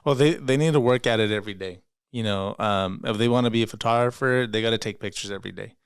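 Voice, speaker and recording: A man's voice: fairly low pitch, fast talker, clean tone, dry recording, studio quality. A man who teaches photography, a podcast guest, giving advice in casual talk and repeating his points for emphasis. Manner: repetitive, emphatic.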